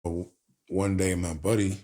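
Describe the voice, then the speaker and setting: A married man and podcast host, telling a story in a casual, animated way and acting out the dialogue. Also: sits low, moderate pace.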